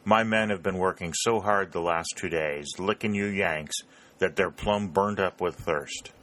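A man reading an audiobook, voicing a tall, elderly Southern Confederate colonel who speaks in a long, soft drawl. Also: deep voice, measured pace. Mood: proud courteous.

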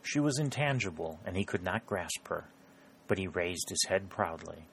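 A man narrating a novel in a measured, steady reading style. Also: low voice, creaky, a little hiss or hum. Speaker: audiobook narrator.

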